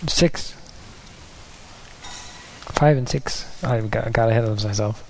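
A man's voice: medium pitch, slow pace, long pauses, slight background noise, rough recording. A man preaching a sermon in an earnest, searching way, sometimes losing his place and restarting.

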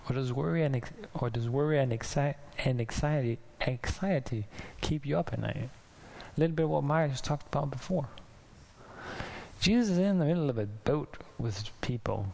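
Gravelly-voiced man giving a casual sermon. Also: mid-range voice, normal speed, mellow. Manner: chatty, laughs often, acts out voices. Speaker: pastor. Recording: faint hiss.

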